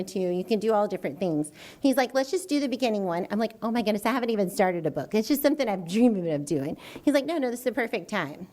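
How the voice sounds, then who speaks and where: A woman educator telling an animated story in a presentation to a school board, acting out her own quoted reactions. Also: mid-range voice. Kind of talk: enthusiastic public presentation. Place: school board meeting room.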